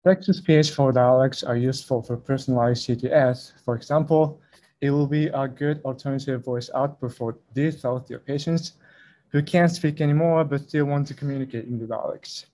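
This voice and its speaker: Mellow-voiced man giving a conference talk. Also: medium pitch, steady tone, normal speed. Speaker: conference presenter. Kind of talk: academic talk over a video call.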